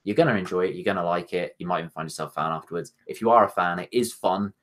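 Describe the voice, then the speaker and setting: A man's voice: low-pitched, very fast, fairly bright tone. A man co-hosting a casual film review, rambling with lots of fillers and restarts.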